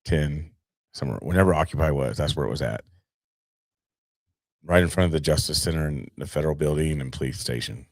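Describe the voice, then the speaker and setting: Very deep-voiced man streaming commentary. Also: fairly quick, creaky, pauses often, no echo. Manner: rambling, trails off and restarts. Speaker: live streamer reacting to footage. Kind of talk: casual live commentary.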